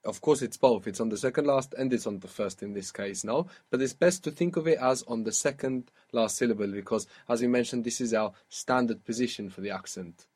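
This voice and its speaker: A man's voice: medium pitch, fairly quick, few pauses, a little mellow, slightly rough. A man teaching an Arabic lesson, patiently quizzing a student and modelling how words are pronounced. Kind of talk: spoken language lesson.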